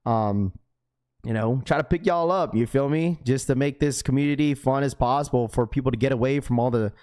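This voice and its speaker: A man with a raspy voice hosting a sneaker livestream, chatting casually in slang and reading chat messages aloud. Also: medium pitch, brisk, a little mellow. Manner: laid-back, slangy, full of fillers.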